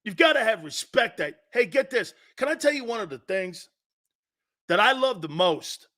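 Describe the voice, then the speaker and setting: Fired-up bright-voiced male sports talk host. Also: big pitch swings, moderate pace. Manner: fired-up, preachy, repeats for emphasis; swings between loud outbursts and low intense asides. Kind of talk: opinionated sports talk rant.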